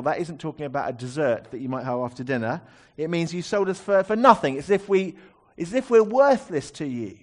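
A man preaching a sermon in a conversational teaching manner. His voice sits a little high for a man and swings widely in pitch. He steps in and out of the verses he reads with easy rhetorical asides. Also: lively intonation, fairly quick, hardly any pauses.

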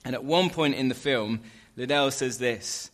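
A man's voice: medium pitch, a little slow, fairly bright tone. Conversational male preacher. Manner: conversational, with fillers and asides. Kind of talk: sermon.

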